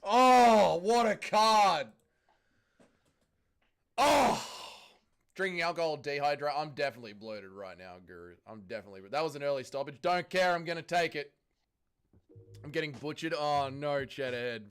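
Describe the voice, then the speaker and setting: A young Australian man hosting a fight watch-along stream, reading chat and swearing as he yells at the fights. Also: fairly high pitch, lively intonation, fairly quick, clear, resonant tone. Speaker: livestream host.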